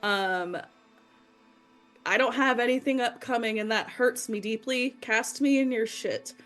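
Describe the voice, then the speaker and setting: A woman's voice: on the high side, unhurried, a bit bright, faint music behind. A player giving a candid, emotional farewell at the end of a tabletop campaign, joking at her own expense. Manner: candid, self-deprecating, emotional. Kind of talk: emotional outro chat.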